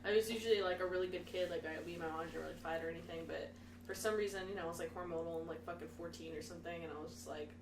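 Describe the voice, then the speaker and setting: A woman's voice: lowish voice, rapid-fire, background noise. A young woman on a casual podcast, swearing freely and laughing as she tells a story about her teens. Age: young adult. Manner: swears freely, laughs often, animated retelling. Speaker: podcast co-host. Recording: echoey room, mic at a distance, chatter behind.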